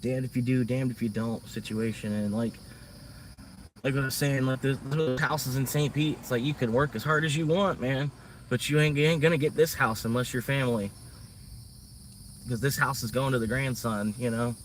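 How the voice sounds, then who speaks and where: A man's voice: mid-range voice, fairly even intonation, normal speed, distant mic, slight background noise. Profane, rambling man venting outdoors. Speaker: livestreamer. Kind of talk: casual venting monologue.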